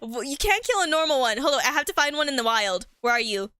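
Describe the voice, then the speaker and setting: Woman streamer, higher-pitched, bright, rambling casual chat, giggly, dry close sound. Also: big pitch swings, fast talker, dry recording. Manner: rambling, giggly, full of fillers. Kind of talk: casual chatty game stream.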